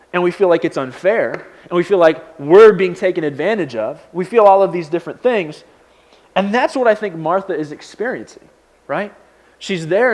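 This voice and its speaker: Casual, high-voiced young male pastor preaching. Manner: conversational, animated storytelling with many fillers. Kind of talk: sermon.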